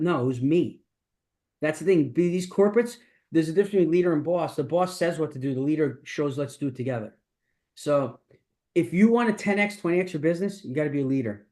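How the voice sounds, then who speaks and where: A middle-aged man with a slightly high, darkish voice leads a business masterclass as a coach. His delivery is casual and emphatic, rambling, with frequent restarts.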